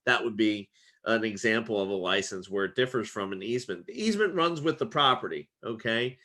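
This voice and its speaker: A man teaching a casual real estate exam lesson, chatty and full of fillers like "okay", his voice getting worn and hoarse. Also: fairly low pitch, expressive, brisk, sharp tone. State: losing his voice.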